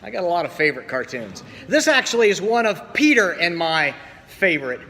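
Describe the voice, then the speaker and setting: A male pastor preaches in a slow, measured way, his fairly high, bright voice carrying through a church with long reverb. He tells stories and pauses often between phrases. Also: very animated. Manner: storytelling with acted quotes, slow pauses. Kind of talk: sermon. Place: church sanctuary.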